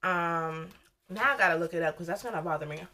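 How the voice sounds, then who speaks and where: Speaking briskly in a fairly low, pushed and bright voice, a young woman from the US chats while she eats for her mukbang vlog. She's loose and candid, rambling as she goes.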